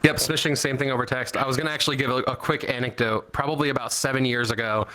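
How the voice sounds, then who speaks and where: A man speaking casually on a convention panel, telling dry, relaxed anecdotes. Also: mid-range voice, quick pace. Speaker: convention panelist on internet security.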